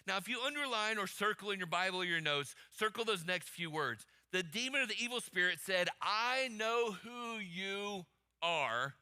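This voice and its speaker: A male pastor preaching a sermon emphatically, calling on the congregation to answer out loud. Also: high-pitched. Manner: emphatic, calls for congregation responses.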